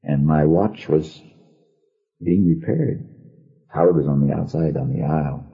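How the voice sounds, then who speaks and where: An older man who was once a radio actor tells a wry anecdote about a funeral, taking his time as he narrates. His bass voice is gravelly and narrow, heard through the tinny audio of an archive recording.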